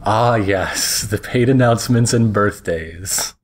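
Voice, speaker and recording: A young man co-hosting a podcast, throwing in dry, joking quips during casual chat. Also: slow. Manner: dry jokey quips, lively pitch. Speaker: podcast co-host.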